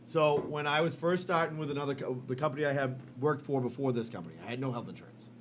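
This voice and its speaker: A man co-hosting a podcast, telling a story in casual, animated chat full of swearing and fillers. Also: mid-range voice, fast talker, slight background noise. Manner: animated, profane, lots of fillers. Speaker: podcast co-host.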